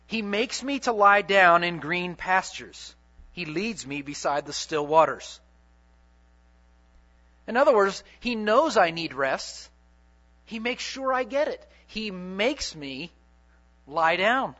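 A man preaching a sermon dramatically, repeating key phrases and swinging between loud and soft. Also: high-pitched. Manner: dramatic, repetitive preaching with big swings in loudness and pace. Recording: dull lo-fi sermon recording.

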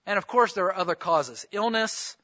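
Male pastor, sermon, chatty with questions; high, sharp-toned voice on a dull recording. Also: expressive, normal speed. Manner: conversational preaching with rhetorical questions.

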